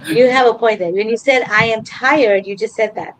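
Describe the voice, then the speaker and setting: A woman's voice: fairly high pitch, normal speed, a little hiss or hum, rough recording. Earnest woman chatting on a podcast. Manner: earnest, with many fillers and restarts. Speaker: podcast co-host. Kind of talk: casual chat.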